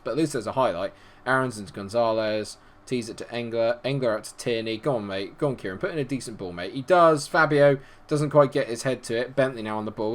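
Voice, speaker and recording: A man giving a blunt, sweary running commentary while playing a football management game. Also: mid-range voice. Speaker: video game player. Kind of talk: let's play commentary.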